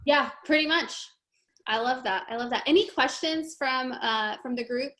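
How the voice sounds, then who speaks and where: High-pitched lady hosting a video call, chatty and laughing as she tells a story. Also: normal speed. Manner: chatty, laughing, animated retelling. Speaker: meeting host. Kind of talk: casual storytelling on a group call.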